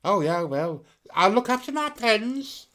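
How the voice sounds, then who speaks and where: Man, co-host, casual live-stream chat, playful, gossipy, animated pitch. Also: measured pace.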